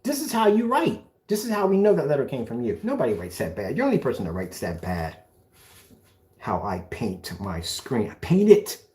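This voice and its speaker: A man's voice: medium pitch, wildly swooping pitch, moderate pace, darkish tone. A man mocking a rival in a ranting callout video, sarcastic, taunting, and repeating phrases back at him. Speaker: video blogger.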